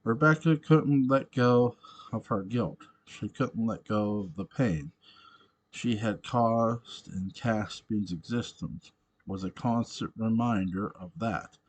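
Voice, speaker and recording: A man reading a story aloud in a halting way, often stumbling over words. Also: on the low side. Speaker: reader of fan fiction. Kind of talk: amateur book reading.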